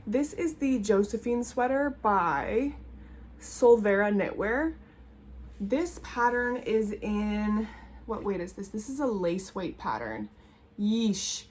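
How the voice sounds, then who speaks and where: A woman's voice: medium pitch, animated, takes it slowly, a little mellow. Chatty, rambling young woman vlogging. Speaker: knitting vlogger. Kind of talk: casual chat. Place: home room with colorful closet behind.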